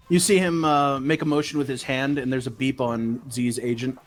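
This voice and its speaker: A man running a tabletop role-playing game, narrating in a loose, casual way with plenty of swearing and filler words. Faint guitar music plays quietly behind him. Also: medium pitch, fairly even intonation, moderate pace, few pauses. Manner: casual and profane, full of fillers. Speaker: game master.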